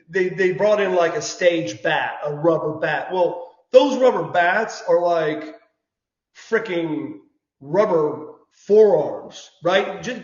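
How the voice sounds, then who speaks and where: A man, telling stories casually as an interview guest, animated and prone to repeating words. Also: fairly high pitch. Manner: animated storyteller, says "brother", repeats words. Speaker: guest, former wrestler. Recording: dull lo-fi audio in an echoey room.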